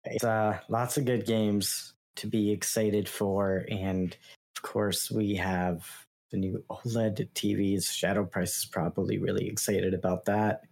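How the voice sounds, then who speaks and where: A man's voice: on the low side, level tone, unhurried, vocal fry, darkish tone. A man hosting a gaming podcast in laid-back casual chat. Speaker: podcast host.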